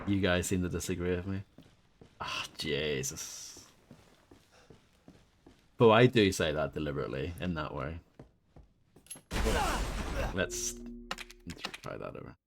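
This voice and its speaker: A man's voice: deep voice, measured pace, long pauses, a little hiss or hum. A man chatting casually with viewers while streaming a game, rambling and self-deprecating. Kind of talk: casual live gameplay chat.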